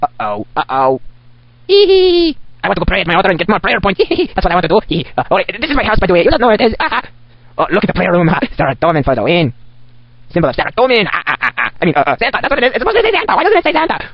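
A man's voice: high-pitched, big pitch swings, racing, vocal fry, dry recording. A man giving in-character game commentary as an insane Santa, cackling and ranting in a manic way, on a sped-up home recording. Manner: manic, cackling, putting on a crazed Santa persona. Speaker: gamer playing in character. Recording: dull lo-fi sped-up desktop recording.

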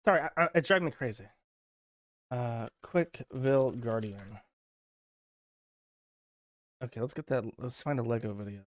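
A man's voice: mid-range voice, moderate pace, long pauses, no room sound, studio quality. A man hosting a show, ranting over video clips in an exasperated, profane way. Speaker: host.

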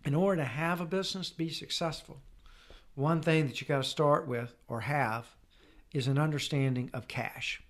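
Man, fairly high voice, wealth advisor, casual podcast guest, storytelling. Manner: storytelling, acts out quotes.

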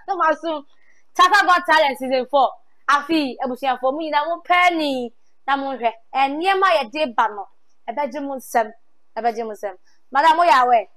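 A high-voiced Ghanaian woman runs a lively on-the-spot interview for a talent show. She echoes each answer back and slips English words into her talk. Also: moderate pace.

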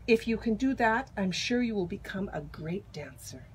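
A woman voicing a calm, wise male panda who speaks gently and a little playfully in a storybook reading. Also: mid-range voice, normal speed, background noise, close to an everyday voice. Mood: gentle.

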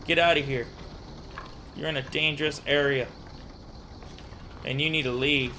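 A man's voice: fairly high pitch, fairly even intonation, moderate pace, pauses often, background noise. A young man playing a horror game and chatting to viewers. He gets jumpy and talks to himself as he plays. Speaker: gaming streamer. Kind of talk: casual let's-play commentary.

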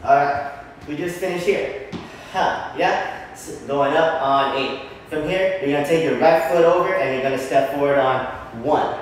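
A man's voice: mid-range voice, far from the mic, slight background noise. Upbeat male dance teacher in echoey room. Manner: upbeat, casual, tags lines with "yeah?". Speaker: dance instructor. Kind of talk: online dance class, counting steps.

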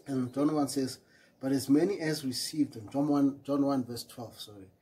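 A man's voice: medium pitch, moderate pace, low-quality recording. A man giving a short devotional sermon, earnest and repetitive, reading scripture and stopping to correct himself. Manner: earnest and repetitive, often trailing off quietly at phrase ends; reads scripture aloud, correcting himself with small apologies. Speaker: preacher.

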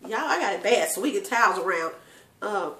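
A woman's voice: mid-range voice, animated, normal speed, bright, forceful tone, a little hiss or hum. A woman telling tearful personal family stories to her viewers, laughing often. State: crying at times. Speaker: channel host. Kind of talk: emotional personal storytelling. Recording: echoey room.

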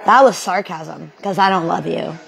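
A woman's voice: on the low side, normal speed, vocal fry, fairly bright tone, faint music behind, low-quality recording. A young woman acting a volatile young woman kicked out by her family, ranting and swearing with sarcasm in an amateur film. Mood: angry.

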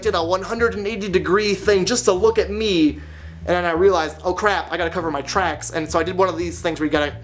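Deadpan young man confessing mischief. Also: sits high. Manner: deadpan, self-mocking storytelling. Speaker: vlogger. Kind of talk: comedic confessional monologue.

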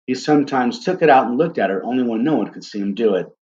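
A man reading a story aloud in a gentle, deliberate way, speaking now and then to his listeners. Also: mid-range voice, expressive, muffled recording. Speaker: reader.

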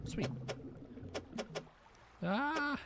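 A man's voice: extremely high pitch, animated, very slow, very noisy. A man streaming a game, talking casually and wryly, with the odd curse. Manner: chatty, wry, swears casually. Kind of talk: casual gameplay commentary.

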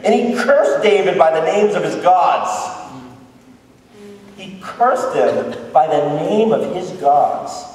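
A man's voice: sits high, lively intonation, slow pace, darkish tone. A man preaching as a missionary, retelling a Bible story in a playful way and asking his audience questions. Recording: very echoey hall, voice from far off.

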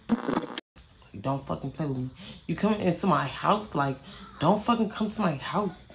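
Young woman vlogger, gravelly voice, swearing freely through a casual storytime. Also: mid-range voice, expressive, unhurried, pauses often, slight background noise. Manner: blunt, heavily profane, repeats herself for emphasis. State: irritated.

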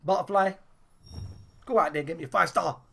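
Her voice hoarse and half gone, this gaming channel host comments on her pulls at a slightly quick clip and a fairly low pitch. Laughs and shouts burst out of her as she gets excited.

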